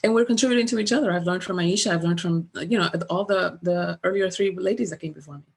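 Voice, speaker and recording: A middle-aged woman business coach giving a conversational webinar presentation over a video call, an animated storyteller. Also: fairly low pitch, fast talker, gravelly, breathy edge. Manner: animated storyteller, acts out remembered dialogue.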